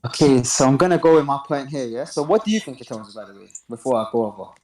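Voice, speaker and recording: A man calling in to a live debate, calmly questioning the host. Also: mid-range voice, fast talker, reverberant, rough recording. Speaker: caller. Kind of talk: debate call.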